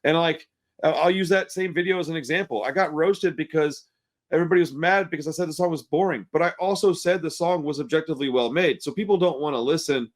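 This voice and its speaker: A man's voice: a little high, fast. A man hosting a casual interview, chatty and self-deprecating, calling people "dude" and "man.". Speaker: interview host, YouTuber.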